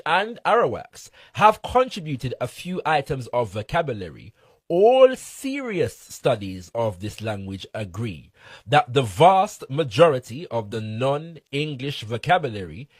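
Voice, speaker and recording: A man's voice: mid-range voice, fairly bright tone, dry recording. A man reading a formal scholarly essay aloud with emphatic delivery. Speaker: reader.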